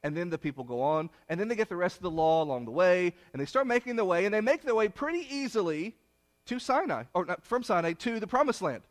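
A man preaching a sermon, retelling a story with rhetorical questions and swinging between loud emphasis and hushed low phrases. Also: expressive, fast talker.

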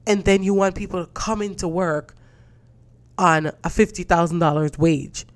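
A woman talks in a low, deep voice. She rants casually and bluntly on her podcast, exasperated and swearing freely. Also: moderate pace. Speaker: podcast host. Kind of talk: casual rant.

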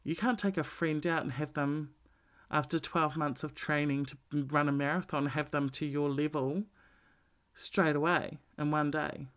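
A middle-aged woman, talking bluntly and swearing freely in a casual monologue, with animated emphasis. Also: deep voice, a little slow.

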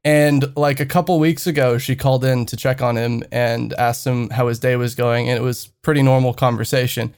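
A man's voice: mid-range voice, fairly even intonation, normal speed, hardly any pauses, darkish tone, clean tone. A young man on a podcast telling a story in casual chat, rambling and hesitant with many fillers. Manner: rambling, hesitant, laughs through his own story. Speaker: podcast co-host.

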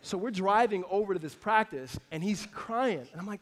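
A man, preaching a conversational sermon that swings between loud emphasis and soft asides. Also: on the high side, fairly quick, hardly any pauses. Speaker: pastor.

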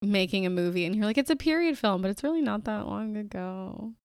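A woman in her thirties co-hosting a podcast, animated and joking, swearing casually. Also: medium pitch, brisk, smooth, no echo, clean studio sound. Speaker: podcast co-host. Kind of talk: casual chat.

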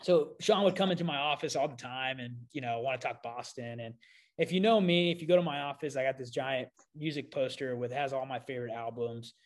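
A man hosting a podcast, telling a self-deprecating story in a casual, animated way with frequent fillers. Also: medium pitch, fairly quick. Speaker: podcast host.

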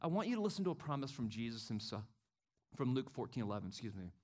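A middle-aged man preaching a sermon as pastor, acting out quotes with big swings in loudness. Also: mid-range voice, very animated, quick pace.

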